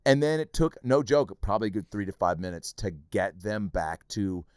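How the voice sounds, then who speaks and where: A male comedian hosting a podcast, swapping stories in a loose, profane way. His fairly low voice rises and falls freely. The sound is dry and close. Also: smooth, no room sound. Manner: animated, profane, rapid storytelling. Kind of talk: casual chat, storytelling.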